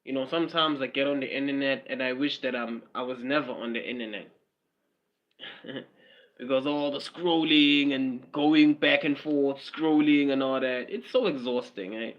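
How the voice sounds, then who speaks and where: A man's voice: medium pitch, moderate pace, muffled recording. A man with a South African accent rambling casually on a livestream, with repetitive fillers and mocking asides.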